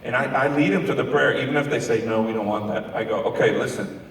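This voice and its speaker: A man's voice: mid-range voice, fast, creaky. A touring musician and evangelist, a man, tells stories in an interview and acts out the people he quotes. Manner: animated storyteller who acts out quoted people. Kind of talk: storytelling in an interview. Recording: echoey hall from far off.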